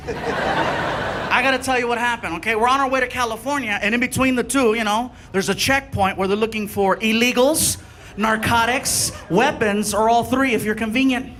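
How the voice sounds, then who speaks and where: Male stand-up storyteller, very high voice, animated delivery, noisy live stage sound. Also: normal speed. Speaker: stand-up comedian. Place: comedy stage before a live audience.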